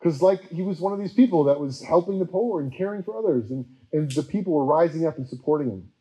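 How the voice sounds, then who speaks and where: Male preacher, casual storyteller, chatty with filler words, slightly high pitch, mellow tone. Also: low-quality recording. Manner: chatty, with many fillers and quick acted-out quotes. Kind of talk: casual history teaching talk.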